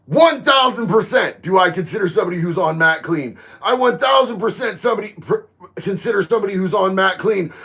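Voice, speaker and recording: A man, chatting casually on a livestream, reading viewer comments and getting loud and emphatic on his opinions. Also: sits high, lively intonation, a little fast, gravelly. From Florida. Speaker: livestream host.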